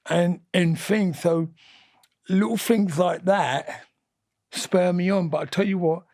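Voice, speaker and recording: A man in his sixties, a boxing guest telling fight stories in an energetic, animated way and repeating his phrases. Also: high voice, takes it slowly, dry recording. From England. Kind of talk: animated storytelling interview.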